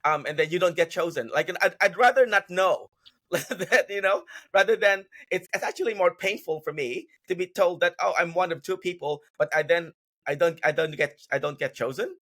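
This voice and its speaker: A man with a bright, forceful voice that sits a little high for a man. He is a podcast guest telling stories in a loose, rambling way and restarting his sentences often. The talk is a casual, unscripted interview. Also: normal speed. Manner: rambling storyteller, many restarts. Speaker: guest actor. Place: podcast recording.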